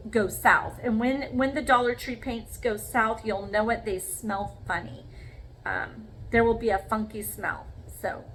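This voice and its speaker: Slow-talking chatty craft vlogger woman. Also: fairly high pitch, a bit bright, slight background noise, low-quality recording. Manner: chatty, talks viewers through each step with frequent "okay?". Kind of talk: casual craft demonstration.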